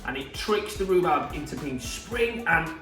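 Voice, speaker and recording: Speaking at a moderate pace in an expressive, fairly high voice, this Yorkshire man eagerly shows off his fresh produce in a relaxed demo. Faint music plays, and the distant mic picks up an echoey room.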